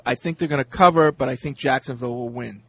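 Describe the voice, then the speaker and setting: A man's voice: medium pitch, fast talker, slightly rough. A man on a sports talk panel who agrees readily with the others and gives his picks in a casual way. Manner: agreeable, frequent short affirmations.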